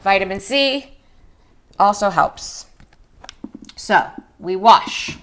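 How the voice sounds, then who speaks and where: A woman's voice: lively intonation, drawn-out words, fairly bright tone. Emotional chatty woman in her forties. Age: 40s. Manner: emotional, chatty, voice jumps high when greeting viewers. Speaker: beauty show host. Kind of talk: live get-ready-with-me skincare chat.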